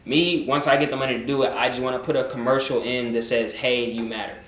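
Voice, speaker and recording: A young man answers viewer questions in a loose, joking vlog chat, swearing often and trailing off into mumbles. His voice is medium-pitched and a bit bright, with fairly even intonation, and he talks fast. The sound is roomy and distant with faint background noise.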